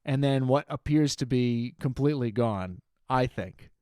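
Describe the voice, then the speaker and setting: A man's voice: mid-range voice, unhurried, clear, resonant tone, no echo, clean studio sound. A man telling stories in casual podcast chat, often acting out the voices of people in them. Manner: animated storyteller, acts out other voices. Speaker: podcast co-host.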